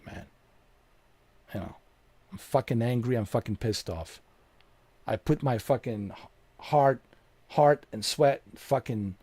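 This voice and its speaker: A man's voice: medium pitch, creaky, a little mellow, dry recording. A man streaming a game, ranting angrily and bluntly at his live chat and swearing constantly. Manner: profane, heated, blunt. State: angry. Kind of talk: angry rant to live chat.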